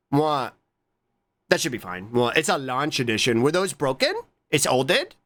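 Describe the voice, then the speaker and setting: Excitable streamer man, lively pitch. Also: brisk. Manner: excitable, swears a lot, jumps to squeaky high greetings. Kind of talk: casual stream chat.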